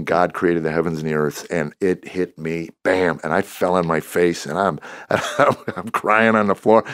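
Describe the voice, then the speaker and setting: A man in his sixties, a comedian, telling lively stories in a podcast interview and acting out what people said. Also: low voice, no echo, clean studio sound. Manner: animated storyteller who acts out quoted dialogue. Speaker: comedian guest.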